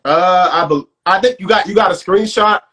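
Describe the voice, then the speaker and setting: A man's voice: high voice, normal speed, pushed and bright. A man co-hosting a live stream, asking questions in casual chat with lots of hesitant fillers. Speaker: co-host on a dual live stream.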